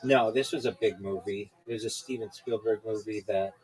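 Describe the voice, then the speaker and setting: A man's voice: lowish voice, fairly even intonation, normal speed, darkish tone, rough recording. A man hosting a podcast over a video call, chatting casually and rambling with many fillers and restarts. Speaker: podcast host. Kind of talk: casual chat.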